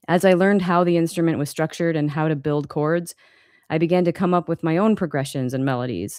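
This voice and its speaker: Woman, 30s, from LA, wry author reading her own book aloud; smooth voice, dry close mic. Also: low voice, darkish tone, no room sound. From Los Angeles, USA. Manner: candid, wry, occasionally stumbles and corrects herself.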